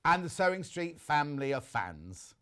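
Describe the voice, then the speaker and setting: A man presenting a live shopping channel broadcast, chatting as he reads out viewer messages with quick asides. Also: fairly high pitch, very animated, a bit bright. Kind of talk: live TV sales chat.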